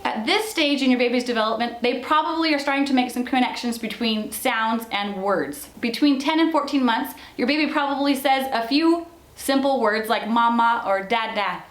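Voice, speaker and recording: A young woman presenting a parenting lesson, explaining toddler games in a slow, patient way. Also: a little high, echoey room. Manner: slow, patient, sing-song with the child. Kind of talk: instructional demonstration with a toddler.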